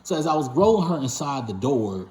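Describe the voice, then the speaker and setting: A man who owns a patient transport company and hosts a channel tells his viewers a story in a rambling, casual way, full of fillers and self-corrections. His medium-pitched, slightly mellow voice is very animated and a bit fast, and the recording has a roomy echo.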